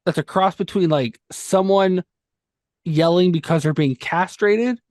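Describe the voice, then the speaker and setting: A man co-hosting a podcast, telling the plot of a movie in a lively, joking way. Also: sits high, a little slow, no room sound, studio quality. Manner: animated storyteller, recaps plots with vivid jokes. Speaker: podcast co-host. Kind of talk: casual movie-review chat.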